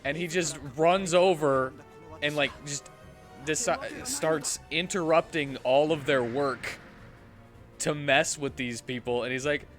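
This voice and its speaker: A man streaming a game, chatting casually and retelling a film in a halting, rambling way. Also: a little high, fairly even intonation. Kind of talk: casual chat while gaming. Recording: faint game music behind.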